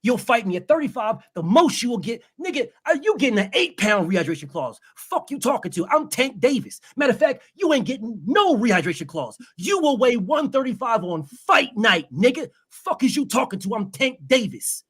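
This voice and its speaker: A man's voice: extremely high pitch, big pitch swings, normal speed, hardly any pauses, fairly bright tone, husky, exaggerated voice. A man impersonating a brash, cocky male champion boxer who dictates terms in a boastful, profane way. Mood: boastful, demanding. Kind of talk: impression in a boxing debate.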